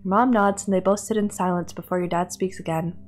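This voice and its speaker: A woman reading a text game aloud on a livestream, excitable and nervous, laughing often and dropping into whispers. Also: fairly low pitch, fairly quick, soft background music. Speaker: streamer.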